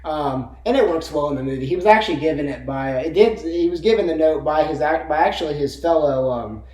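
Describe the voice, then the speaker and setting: A man's voice: a little high, fairly quick, mellow, roomy sound, poor audio. A young man co-hosting a casual movie chat, rambling with lots of fillers and frequent laughter. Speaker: co-host of a movie discussion channel.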